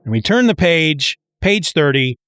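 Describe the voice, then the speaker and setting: This is a man with a fairly high voice, hosting a relaxed comic book recap. He talks in an excitable, chatty way and stumbles into restarts as he walks through each page. His voice sounds close and dry. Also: unhurried, no room sound. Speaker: comic book podcast host.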